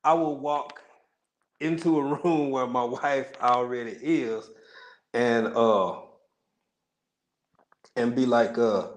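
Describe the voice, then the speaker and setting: Steady in tone and slow, with long pauses, a mid-range male voice belongs to a Texan-accented livestream host from Texas. He chats casually with viewers, joking, laughing often and rambling in asides.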